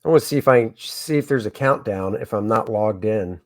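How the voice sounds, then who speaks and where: A man who makes comics, chatting excitedly with viewers on a casual crowdfunding livestream from home. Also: on the low side, brisk. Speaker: comic creator hosting a crowdfunding stream.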